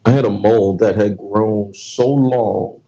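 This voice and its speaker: A man's voice: on the low side, fairly even intonation, a little slow, vocal fry, dark tone, dull audio. A man hosting a podcast, telling stories in a casual, profane way and laughing often. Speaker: podcast host.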